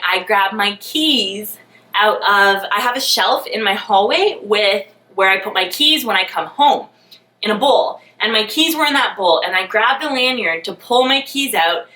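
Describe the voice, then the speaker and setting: Bright-voiced woman telling a story. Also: mid-range voice. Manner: animated, sarcastic, self-mocking. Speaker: vlogger. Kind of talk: storytime vlog. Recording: roomy, mic at a distance.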